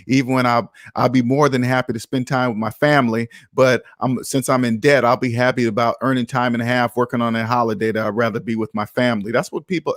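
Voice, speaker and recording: Finance host, 30s male, mid-pitched, passionate and preachy, dry recording. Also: a bit bright, dry recording. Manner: passionate, preachy, repeats his points. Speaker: personal finance show host. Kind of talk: casual talk monologue.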